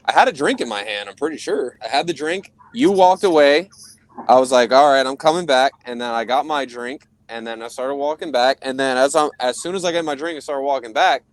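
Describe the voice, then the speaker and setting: A young man co-hosting a podcast in casual chat, rambling through a profane story and laughing as he goes. His voice sits at an everyday middle pitch. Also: a little fast, no echo. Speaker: podcast co-host.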